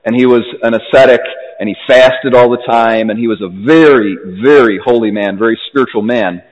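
A man's voice: brisk, long reverb tail, highs cut off. A man preaching a conversational homily in a church, with fillers and restarts. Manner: conversational, grows fervent and high when urging. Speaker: priest.

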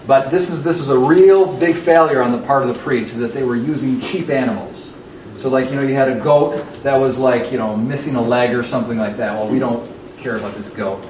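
A man with a medium-pitched, slightly mellow voice leads a Bible study class, explaining passages and repeating key words for emphasis as he teaches scripture. The recording sounds echoey, with a distant mic and faint noise.

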